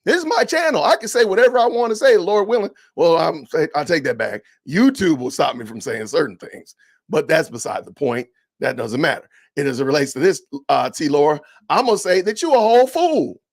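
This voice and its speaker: A man hosting a podcast livestream, reading comments aloud with animated, indignant, preachy ranting. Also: fairly high pitch, fairly quick. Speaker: podcast host.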